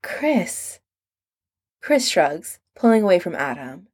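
Woman audiobook narrator, slow, measured, mid pitch. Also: animated, darkish tone. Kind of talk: scripted narration.

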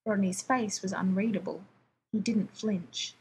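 A woman narrating fan fiction aloud in a calm, even storytelling voice. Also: mid-range voice, measured pace, slight background noise, rough recording.

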